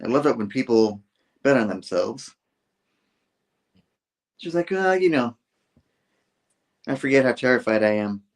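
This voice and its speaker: A man's voice: mid-range voice, moderate pace, pauses often. A man casually retelling a comic book scene by scene, acting out the characters' lines in loose voices. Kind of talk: casual chat.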